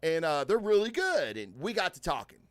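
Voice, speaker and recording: His voice sits on the high side and swoops wildly in pitch at a moderate pace, with no echo on the studio microphone. Hosting a casual podcast, he's loud, profane, and tells stories loosely with many fillers.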